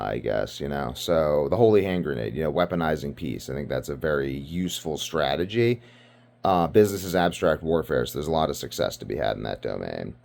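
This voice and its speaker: A man's voice: very deep voice, gravelly. A man from Britain giving rambling casual commentary, ranting and profane, full of fillers. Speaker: video commentator.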